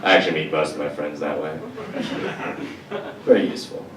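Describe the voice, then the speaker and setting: A young man doing a stand-up comedy set, deadpan and slangy, with casual profanity. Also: a bass voice, a little fast, a loud crowd. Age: young adult. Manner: deadpan, slangy and profane, mocks others in put-on voices. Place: college venue with audience laughter. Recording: echoey room, distant mic, loud ambience.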